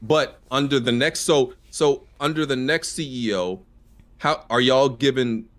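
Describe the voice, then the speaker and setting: A man's voice: medium pitch, measured pace. A man arguing his point in a casual podcast debate, insistent and full of stammered restarts.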